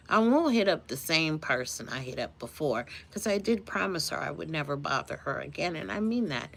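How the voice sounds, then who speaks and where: A woman chatting casually on a live stream, telling a story with animated energy and greeting her chat viewers. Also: low voice, normal speed, gravelly, few pauses, slight background noise.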